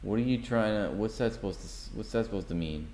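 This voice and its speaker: A man's voice: lowish voice, fast, mellow, slight background noise. A man reading news articles aloud on a livestream, breaking off with sarcastic, mocking asides to his chat.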